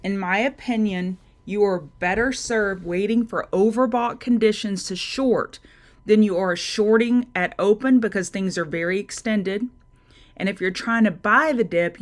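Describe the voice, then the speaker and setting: A woman hosting a live market-prep stream, talking through charts and greeting viewers by name in a chatty way. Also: medium pitch. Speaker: trading show host.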